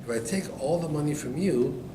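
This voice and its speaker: A man, a rabbi, giving an animated storytelling Torah class to listeners. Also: on the high side, a little fast. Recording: echoey room, distant mic, background noise.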